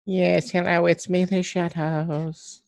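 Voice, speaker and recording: A man's voice: high-pitched, level tone, takes it slowly, gravelly, a little mellow, no echo, pitched above the performer's own voice, full character voice. A man voicing a playful shadow creature in a silly raised voice during a tabletop game. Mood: goofy. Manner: goofy, breaks into laughter.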